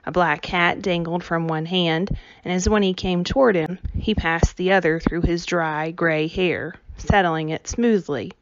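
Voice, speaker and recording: A woman reading a novel aloud in a measured storytelling way. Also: lowish voice, steady tone, no echo, lo-fi sound. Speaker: audiobook reader.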